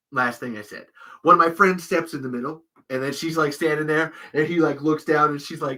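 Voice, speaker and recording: A man's voice: fairly high pitch, brisk. A man hosting a podcast, telling a story in casual chat, swearing freely, laughing mid-sentence and acting out what people said. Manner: animated, profane, acts out quotes in raised voices. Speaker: podcast host.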